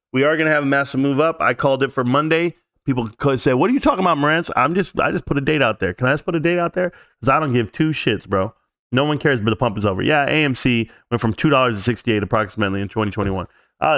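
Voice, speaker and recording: A man's voice: medium pitch, a bit bright. A man hosting a live stream, answering chat in a brash, mocking and profane way.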